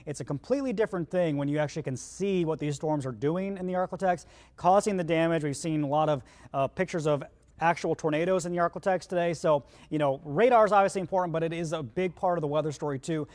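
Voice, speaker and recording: A man's voice: fairly high pitch, a little mellow. A man, the chief meteorologist, giving live storm coverage as he walks viewers through radar in a conversational, urgent way, with hiccups. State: has the hiccups. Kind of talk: live broadcast weather coverage.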